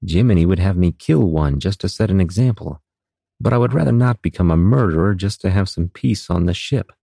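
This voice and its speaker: A man voicing a bookish young wizard who speaks in stiff, old-fashioned, formal phrases. His low voice carries a proud, measured tone and sounds dry and close, in a fantasy storybook reading. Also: expressive, gravelly, mellow, husky, no room sound, heavily acted. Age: young adult.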